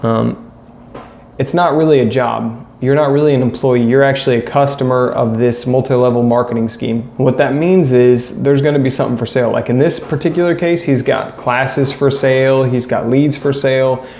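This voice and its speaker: A man rants casually and bluntly to camera, circling back to his points. His voice is mellow and sits at a middle pitch. The room is echoey with a faint hum of ambient noise behind him. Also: steady tone, moderate pace, creaky. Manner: blunt, critical, repeats himself. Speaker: vlogger.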